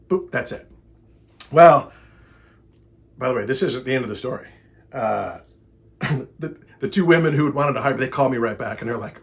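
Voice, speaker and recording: A man's voice: on the high side, a little fast. A middle-aged man, a speaker and trainer, telling a story casually and acting out both sides of an exasperated argument. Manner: animated, exasperated retelling with quoted dialogue.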